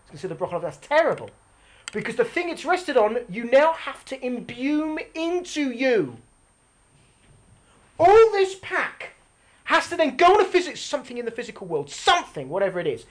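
With a high, sing-song voice at a moderate pace, a female religious teacher leads a live class. She explains through a diagram, puts questions to her listeners, and repeats lines to stress them.

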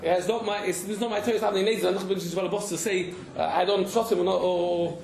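A man with a strikingly high voice leads a Talmud class, emphatic and explanatory, often circling back over the same words. His voice carries a roomy echo. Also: steady tone, fast, vocal fry, darkish tone. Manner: emphatic, repeats words while searching for phrasing. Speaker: teacher.

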